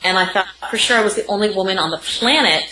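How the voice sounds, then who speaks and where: In an interview, a sex and intimacy coach in her forties shares a personal story full of vivid, stacked-up phrases. She speaks fast in a mid-range voice with a sharp tone, and the recording sounds roomy with faint noise behind her.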